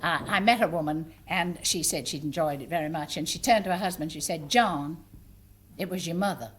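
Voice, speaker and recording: A woman's voice: deep voice, a little fast, heavy background noise. An older woman entertainer telling anecdotes to a theatre audience, chatty and amused, with small hesitations. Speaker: stage entertainer and monologue writer. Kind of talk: anecdotal stage talk. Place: live theatre before an audience.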